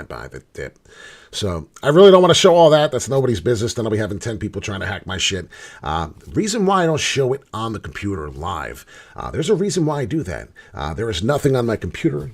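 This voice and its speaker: A man giving brash, profane, rambling crypto trading commentary from his home. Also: medium pitch. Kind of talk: casual market commentary.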